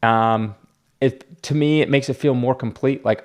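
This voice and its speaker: A man's voice: medium pitch, fairly even intonation, a little slow, a little mellow. A man running a comic book shop, chatting casually and rambling as he talks himself through each graded book. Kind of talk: casual unboxing chat.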